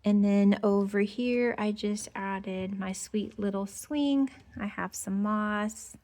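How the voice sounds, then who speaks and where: A woman's voice: medium pitch, fairly even intonation, slow pace, warm tone. A woman giving a chatty, gushing tour of her decorated porch, full of fillers and sweet little remarks. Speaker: home decor vlogger. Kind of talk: casual porch tour narration. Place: outdoor porch.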